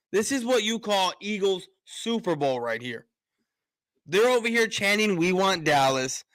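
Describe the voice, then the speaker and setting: A man's voice: high voice, pushed and bright, no room sound. A man ranting on a casual sports live stream, fired up, repeating words and restarting his sentences often.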